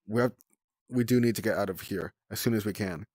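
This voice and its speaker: A man voicing an earnest, eager young male mud dragonet in a storybook, read in a steady way. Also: fairly low pitch, fairly quick, no room sound, studio quality, lightly acted.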